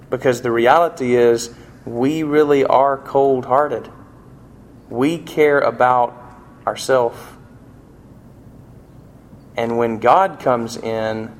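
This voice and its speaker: A man preaching a sermon in a folksy, conversational storytelling manner. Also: mid-range voice. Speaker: pastor.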